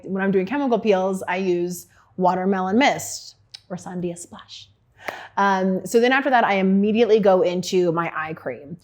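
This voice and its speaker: A middle-aged woman, an esthetician, talking casually and frankly about her skincare routine, with plenty of fillers. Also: medium pitch. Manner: chatty and frank, with lots of fillers.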